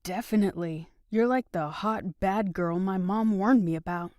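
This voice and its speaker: A woman's voice: mid-range voice, moderate pace, a little mellow, no room sound, studio quality, natural voice. A woman voicing a wry, teasing young male professor in a romance audiobook.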